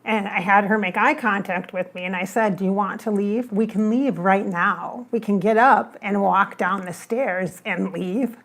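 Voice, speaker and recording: A woman's voice: mid-range voice, unhurried, few pauses. A woman who works as a psychic medium, telling a story on a casual livestream and acting out her own remarks. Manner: animated, acts out her own remarks in the retelling.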